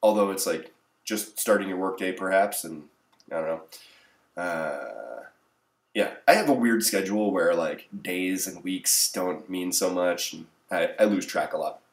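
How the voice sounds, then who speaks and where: A low-pitched man talks through a crossword in a casual, offhand way, tossing out dry sarcastic remarks between answers. His voice sits deep, and the room around him gives it a noticeable echo. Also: unhurried. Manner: wry, offhand, sarcastic asides. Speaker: crossword channel host. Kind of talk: casual live-solve commentary.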